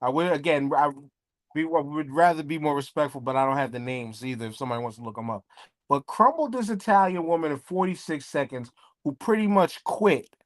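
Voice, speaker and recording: A man's voice: fairly high pitch, expressive, brisk, no room sound, clean studio sound. A man co-hosting a casual podcast chat, cracking jokes, swearing freely and boasting about his punchlines. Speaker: podcast co-host.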